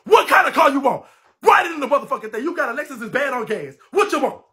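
Very animated and fast-talking, a high-voiced livestream host from New Orleans, Louisiana, delivers a brash, loud rant over his phone. The stream is full of laughter and heavy cursing.

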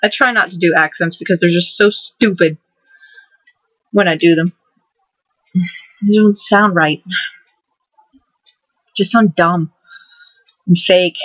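A woman in her twenties hosting a casual vlog, rambling excitedly and restarting her words as she goes. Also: fairly low pitch, takes it slowly, long pauses, no room sound. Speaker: vlogger host. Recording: dull lo-fi dry recording.

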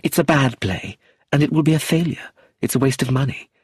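A man's voice: medium pitch, brisk, breathy edge, dry recording, clean studio sound, voice pushed up, lightly acted. A man reading an audiobook, voicing a composed, firm young woman in a slightly raised voice. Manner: calm, firm.

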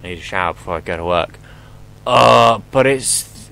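A man's voice: deep voice, lively intonation, moderate pace, creaky, sharp tone, a little hiss or hum, rough recording. Jumpy joking man playing a horror game. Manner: joking, swearing, jumpy exclamations. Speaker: gameplay commentator. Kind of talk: horror game let's play commentary.

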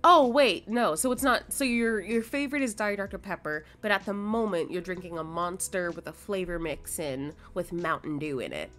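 A young adult woman streams a game, her lowish, fairly bright voice moving at a moderate pace with few pauses over soft background music. Sleepy and yawning, she chats casually with her viewers, reading and replying to messages while swearing and laughing.

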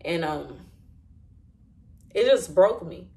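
A woman sharing an emotional personal testimony in a candid, halting way, with many fillers and restarts. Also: on the low side, lively intonation, gravelly, warm tone. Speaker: Christian vlogger sharing a testimony.

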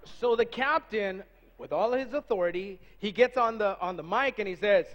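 A man's voice: high-pitched, fairly bright tone. A man interprets a sermon live, phrase by phrase, in a casual, conversational way. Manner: relays each phrase quickly, casual and conversational. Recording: reverberant dull sanctuary audio.

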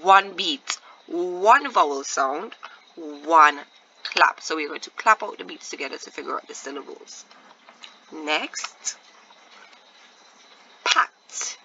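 A woman teacher giving a patient phonics lesson to young children, repeating words slowly and asking encouraging questions. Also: sits low, lively intonation, bright, forceful tone, muffled recording, a little hiss or hum. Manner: drawn-out, deliberate word repetition with encouraging questions.

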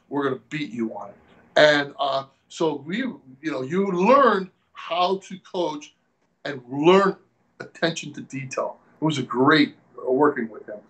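A man from the Pacific Northwest, a former strength coach, telling animated stories in a casual interview and acting out the people he quotes. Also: on the high side, a little slow, rough recording. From Tacoma, Washington.

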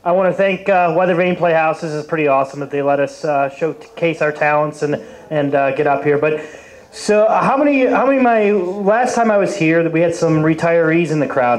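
A man's voice: high voice, reverberant, rough recording. A man in his forties doing a stand-up set at an open mic, rambling and crude. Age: 40s. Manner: rambling, lots of fillers and restarts, crude. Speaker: stand-up comedian. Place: brewery open mic stage.

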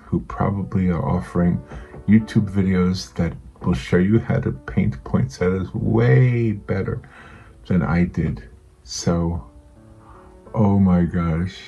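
A retired hobby watercolor painter in his sixties chats in a rambling, self-deprecating way while he paints, growing a little emotional. His voice is low-pitched and dark with vocal fry, and the sound is lo-fi.

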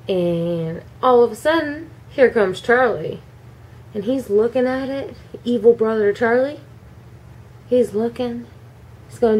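A woman telling her child a bedtime story, animated and acting out the characters. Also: mid-range voice, measured pace, a little hiss or hum. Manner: animated, acts out every character.

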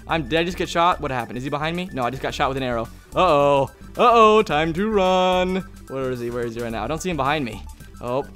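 An excitable young man commenting on his gameplay, his voice sitting a bit high and swinging lively up and down. He chats to the other players and bursts into shouts. Faint music plays behind him. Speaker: gaming channel host.

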